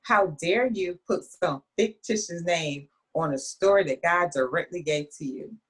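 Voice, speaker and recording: A woman voicing her excited, pushy sister in a high, incredulous tone. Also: a little slow, husky. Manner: incredulous, emphatic.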